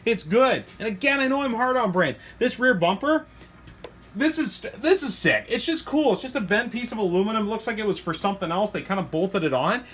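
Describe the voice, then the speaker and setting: A middle-aged man, casually reviewing toy trucks in an excitable, rambling way. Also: fairly quick. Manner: excitable, rambling, jumps to high squeals when thrilled. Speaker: hobby shop owner reviewing RC trucks.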